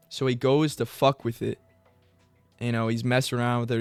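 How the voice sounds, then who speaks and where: A young man riffing loosely on his own, swearing often and rambling from one thought to the next. His voice is smooth and clear, recorded close and dry with faint music underneath. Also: brisk, no echo. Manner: rambling and profane, with bursts of high excited mock voices. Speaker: MMA commentary YouTuber. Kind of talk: casual solo commentary.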